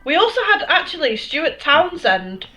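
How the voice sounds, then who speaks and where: A woman's voice: high voice, very animated, normal speed, bright, forceful tone, soft background music, poor audio. A woman from Northern England co-hosting a casual online horror chat show, chatty and full of "um" fillers. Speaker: podcast co-host.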